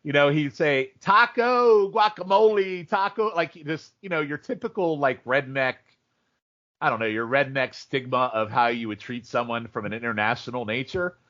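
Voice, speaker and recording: A man co-hosting a podcast, telling stories in animated, rambling casual chat and jumping into goofy impressions. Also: mid-range voice, moderate pace. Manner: animated storyteller, mimics people in funny voices. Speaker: podcast co-host. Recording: dull lo-fi audio.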